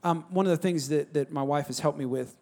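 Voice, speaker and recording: A pastor preaches in a conversational yet emphatic way, repeating phrases and calling out to the congregation. His voice is a little high with a darkish tone, and he speaks briskly.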